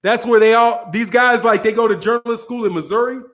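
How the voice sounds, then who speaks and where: A Midwestern American man hosting a casual livestream, talking in an animated, profane way and reading viewer chat aloud. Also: extremely high pitch, brisk. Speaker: host.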